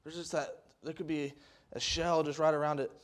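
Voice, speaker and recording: A young man preaching a folksy sermon, rambling with restarts and rising to loud, emphatic peaks. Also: on the high side, flat delivery, normal speed.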